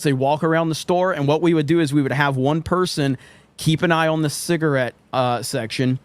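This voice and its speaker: A middle-aged man with a slightly high voice spins stories in relaxed chat, acting out quoted lines and laughing along. His delivery is lively and the sound is dry and close. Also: clean tone, no echo. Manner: animated, acts out quotes, laughs often. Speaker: podcast guest telling stories. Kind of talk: casual storytelling chat.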